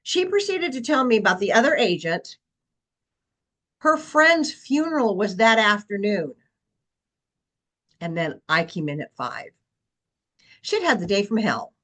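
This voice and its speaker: A woman's voice: mid-range voice, lively intonation, measured pace, pauses often, a bit bright, rough recording. A woman real estate agent presenting a webinar session, telling a long client story in an earnest, anecdotal way with frequent fillers.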